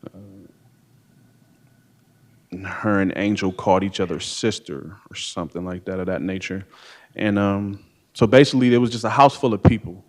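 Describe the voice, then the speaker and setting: A man's voice: low voice, normal speed, long pauses. A man from Ohio testifying in his own defense at a courtroom witness stand, speaking hesitantly and rambling with many fillers. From Ohio, USA.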